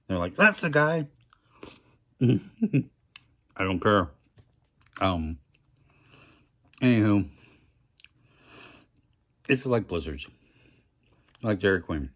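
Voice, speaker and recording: A middle-aged man rambling through a casual food review vlog, chatty and self-deprecating, talking with his mouth full. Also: deep voice.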